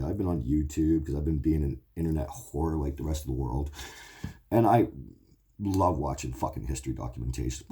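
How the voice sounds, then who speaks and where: Forties guy swearing and rambling about his life, really low voice, dark and kinda husky. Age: 40s. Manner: blunt, profane, emotional. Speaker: show host. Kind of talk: rambling confessional monologue.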